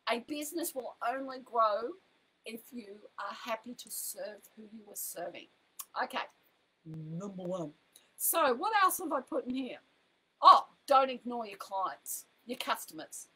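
A high-pitched woman talks straight to her listeners as a business mentor. She is chatty and emphatic, restarting sentences and dropping in fillers as she goes. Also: sharp tone, breathy edge, poor audio. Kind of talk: direct-to-camera advice talk. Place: home office at a computer.

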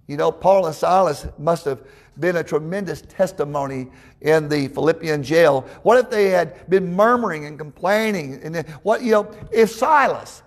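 High-voiced preacher telling folksy stories. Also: male voice, moderate pace. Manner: folksy storytelling, frequent stammered restarts. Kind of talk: sermon.

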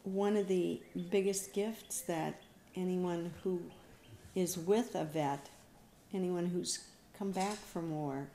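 A woman speaking as a counselor in a gentle, deliberate way. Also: fairly low pitch, fairly even intonation. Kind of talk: interview talk. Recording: roomy echo.

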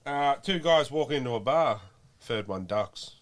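A man's voice: mid-range voice, lively intonation, a little slow. A man hosting a podcast in a jovial, loose, chatty way. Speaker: podcast host. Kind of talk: casual chat.

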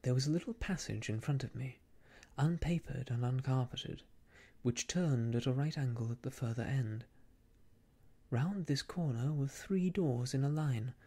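A man reading a classic tale aloud in soft, hushed, whispered ASMR storytelling. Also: mid-range voice, measured pace.

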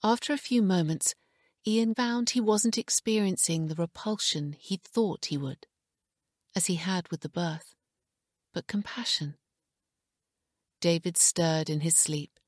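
A woman narrating an audiobook in a hushed, measured way, recorded in a studio booth. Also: on the low side, no room sound. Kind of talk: scripted narration.

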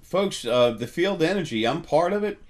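A middle-aged spiritual talk host gives an unscripted monologue, rambling and halting with many fillers and restarts. His voice is fairly high and expressive, and it catches with emotion now and then.

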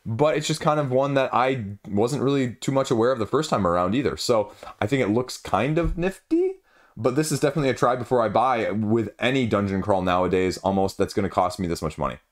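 A man's voice: mid-range voice, expressive, a little fast. A young man casually reviewing board game crowdfunding campaigns, rambling with wry asides. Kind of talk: casual video commentary.

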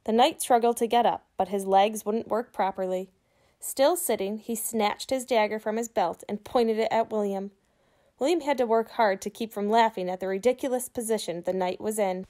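A woman reading a children's book aloud, pausing to ask her young listeners questions about the story. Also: medium pitch, dark tone. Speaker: reader for children.

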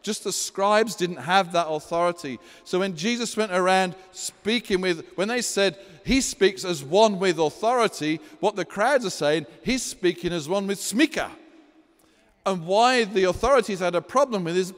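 A man delivers a sermon from the front of a church, animated and storytelling as he walks through scripture. His voice sits a little high for a man, and the hall around him rings with a long, lingering reverb. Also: moderate pace. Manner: animated preacher, acts out scripture scenes in a high panicky voice. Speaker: pastor.

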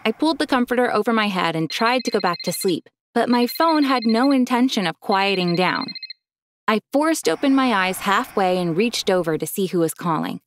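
A woman narrating her own story in an expressive, casual way. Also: mid-range voice, moderate pace, slight background noise.

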